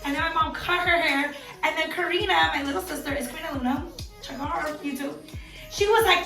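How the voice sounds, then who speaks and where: A young woman tells personal stories to camera, chatty and animated, voicing the people she quotes. Her voice sits high. It is recorded in a roomy space with the mic set back and faint music underneath. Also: fairly quick, distant mic. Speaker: beauty vlogger. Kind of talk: casual storytelling to camera.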